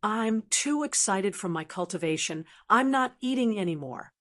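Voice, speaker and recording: A woman's voice: mid-range voice, animated, normal speed, natural voice. A woman reading a brash young male heir. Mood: scoffing. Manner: scoffing, blunt, bloodthirsty.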